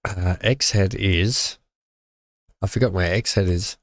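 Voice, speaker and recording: Deep-voiced and unhurried, an Australian streamer chats casually with viewers during live gameplay, joking and laughing often. The recording is dry, with clean studio sound.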